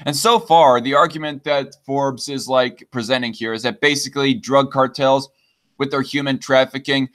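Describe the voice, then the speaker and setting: A man's voice: mid-range voice, steady tone, moderate pace, a bit bright. A man hosting a casual podcast, reading chat comments aloud and talking in a hesitant way with many fillers and restarts.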